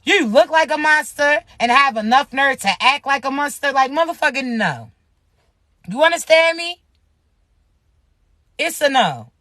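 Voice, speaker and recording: Blunt, profane high-voiced spiritual vlogger. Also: lively intonation, a little slow, pauses often, bright, forceful tone, no echo, clean studio sound. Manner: blunt, profane, emphatic, keeps asking "you understand me?". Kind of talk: casual motivational love talk.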